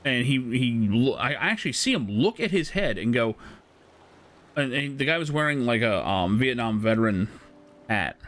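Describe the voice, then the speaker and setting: A man's voice: mid-range voice, animated, normal speed, a bit bright. A man streaming a game, casually telling a story with frequent laughs and swearing. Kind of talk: casual storytelling while gaming.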